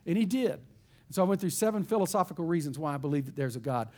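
Male pastor, higher register, lively folksy sermon storyteller. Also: racing. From East Texas.

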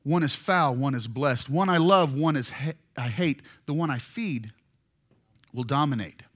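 A man preaching a storytelling sermon, animated and jokey, acting out voices as he goes. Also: medium pitch, a little slow, breathy edge. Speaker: pastor.

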